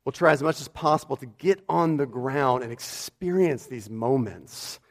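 A man's voice: mid-range voice, moderate pace. A pastor preaching a sermon in a church, emphatic and repeating his key phrases for weight.

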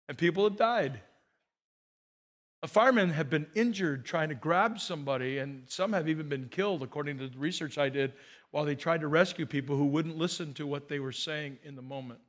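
A man preaching a sermon as pastor, animated and joking, often restarting his words. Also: a little high, a little fast.

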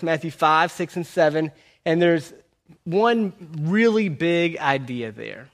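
A man's voice: fairly high pitch, fairly bright tone. A man preaching a sermon in a conversational way, repeating his key phrases. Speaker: pastor. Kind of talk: sermon teaching through a book.

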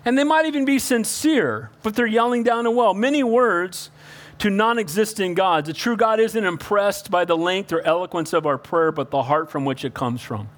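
A man preaching a sermon, calling out for amens and swinging between loud emphasis and hushed pleading. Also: sits high, normal speed. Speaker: pastor.

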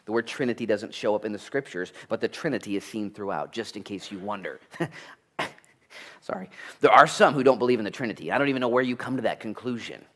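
A man preaching a sermon at a church, conversational and animated, full of asides and rhetorical questions. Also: lowish voice, brisk. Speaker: pastor.

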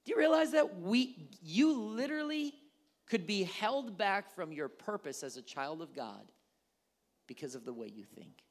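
A male pastor giving a relaxed, conversational sermon. His pitch swings widely as he talks, and he slips into short acted-out exchanges in different tones. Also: measured pace. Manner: animated, acts out little dialogues with shifting tones.

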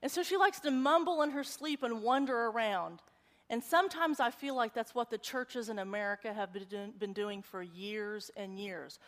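A woman in her forties delivers a church sermon in a high, bright-pitched voice. Her manner is animated and conversational, drifting easily into storytelling. The sound rings with a long reverb from a large church hall. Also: normal speed. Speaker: preacher.

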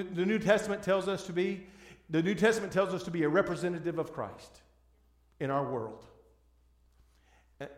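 Earnest pastor in an echoey church. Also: male voice, fairly high pitch. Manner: earnest, pleading, with repeated restarts. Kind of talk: sermon. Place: church sanctuary.

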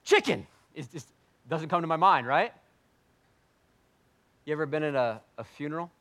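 A man preaching a sermon, animated and jokey, swinging between loud bursts and quiet asides. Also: on the high side, moderate pace. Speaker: pastor.

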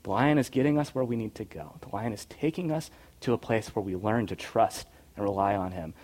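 A man reading a storybook passage aloud and then drawing a devotional lesson from it, soft-spoken and earnest. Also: lowish voice, brisk.

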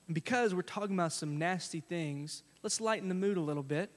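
A man's voice: sits high, brisk, in a large hall. A male pastor giving a sermon in a conversational, storytelling way, often asking the congregation questions. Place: church sanctuary.

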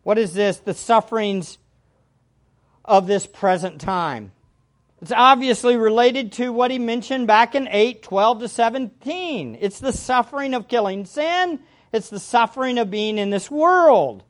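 A woman's voice: fairly high pitch, measured pace. A woman preaching a sermon, teaching through a passage verse by verse and repeating key phrases for emphasis.

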